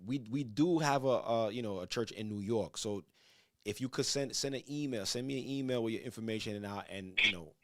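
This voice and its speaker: A man's voice: lowish voice, brisk, a bit bright, a little hiss or hum. A man hosting a church call-in show, stammering and repeating words as he preaches to a caller. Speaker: church elder host. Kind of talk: religious call-in talk.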